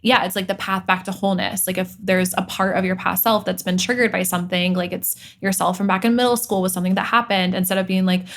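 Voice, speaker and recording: A woman's voice: steady tone, fast, few pauses. A woman in a casual podcast conversation, speaking with enthusiasm and acting out inner dialogue. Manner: enthusiastic, acts out inner dialogue in high voices. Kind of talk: casual chat.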